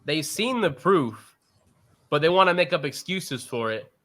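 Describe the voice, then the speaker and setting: A man's voice: on the high side, lively intonation, unhurried, fairly bright tone. A young man co-hosting a podcast, chatting casually in political banter, laid-back and laughing along, full of "bro" and "like". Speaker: podcast co-host.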